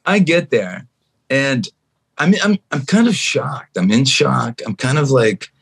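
A man from Canada, a guest musician on a podcast, telling a story with animated energy and acting out what other people said. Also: medium pitch, a little slow, gravelly, breathy edge. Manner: animated, acts out other people's lines in shifting voices. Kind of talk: storytelling anecdote in a podcast chat.

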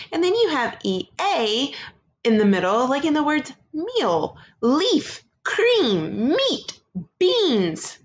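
A woman teaching a first grade phonics lesson to young children, sounding out words slowly in a sing-song teacher voice. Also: fairly high pitch.

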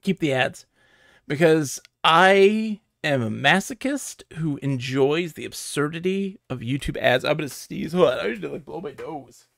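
A man's voice: on the high side, animated, moderate pace, vocal fry, fairly bright tone, dry recording, clean studio sound. A man streaming a video game at home, chatting casually in a giggly, rambling way and telling stories with animation. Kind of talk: casual live-stream chat.

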